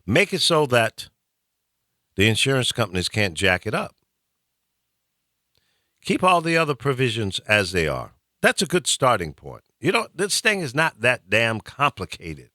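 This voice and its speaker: A man's voice: medium pitch, bright, forceful tone, no room sound, studio quality. A middle-aged man from the American South hosting a call-in talk show, ranting animatedly and preachily. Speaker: host.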